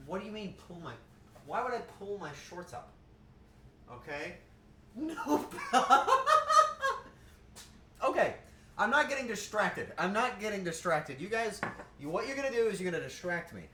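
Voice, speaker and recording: Lively, bright-voiced man in an echoey kitchen. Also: high voice, distant mic, slight background noise. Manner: rambling, jokey, quick to laugh; swears casually. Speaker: streamer cooking live. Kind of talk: casual live-stream chat. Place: home kitchen.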